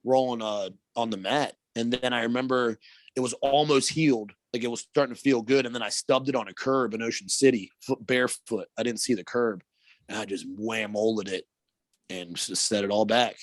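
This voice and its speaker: A man's voice: medium pitch, fairly even intonation, normal speed, no echo. A man co-hosting a podcast, chatting casually in a laid-back, rambling way with some swearing. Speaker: podcast co-host. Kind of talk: casual chat.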